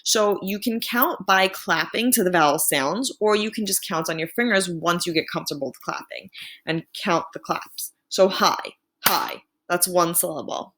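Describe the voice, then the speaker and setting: A woman teacher giving a remote lesson to students, clear and patient, slowing down to sound out words. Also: lowish voice, fairly bright tone.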